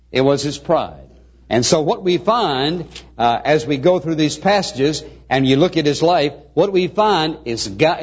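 Male pastor, sermon, slightly high husky voice, earnest stretched emphasis. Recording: muffled lo-fi sermon recording.

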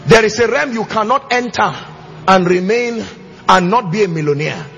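A pastor preaching to his church, emphatic and sing-song, with shouted bursts and call-and-response questions. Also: sits high, animated, normal speed. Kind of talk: sermon. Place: church auditorium with congregation. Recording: slightly muffled church recording, faint music.

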